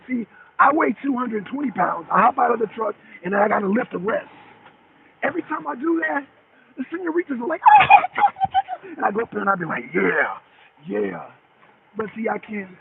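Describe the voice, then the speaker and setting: A man hosting a casual livestream talk show, rambling and calling out chat viewers by name as he repeats himself. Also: high-pitched. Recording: tinny phone-like audio with faint noise.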